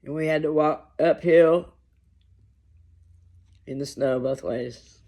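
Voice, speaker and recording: A man vlogging to camera over lunch, talking in a slow, reflective, halting way with long pauses. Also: fairly high pitch, darkish tone. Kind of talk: casual talk to camera while eating lunch.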